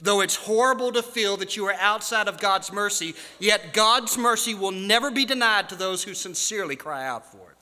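A man's voice: high voice, expressive, normal speed. Preaching man echoing through a hall. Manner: preaching with swings from hushed to shouted. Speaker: pastor. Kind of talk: sermon. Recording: long hall reverb.

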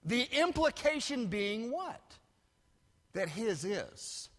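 A high-voiced man delivers a sermon, his pitch swooping up and down as he leans hard on key words. He preaches with punchy emphasis and drops in playful asides. The sound carries a long, echoey hall reverb. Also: fairly bright tone. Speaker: pastor.

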